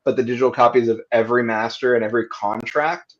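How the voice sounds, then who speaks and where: Man, tabletop player, halting, lots of fillers, muffled lo-fi audio. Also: medium pitch, steady tone, a bit bright. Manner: halting, full of fillers and restarts. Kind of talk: narrating his character in a tabletop game.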